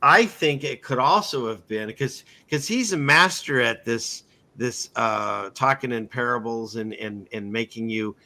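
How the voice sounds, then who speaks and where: A man's voice: mid-range voice, measured pace, few pauses, bright, forceful tone. A man hosting a casual interview, telling long rambling stories and acting out the people he quotes. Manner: rambling storyteller, acts out quotes in voices. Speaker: podcast host.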